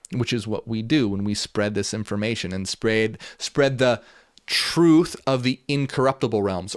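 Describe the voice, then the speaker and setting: A channel host with a medium-pitched, clean voice hosts a talk, recorded in studio quality with no echo. He reads ancient passages aloud, then explains them earnestly in casual paraphrase, repeating himself and restarting.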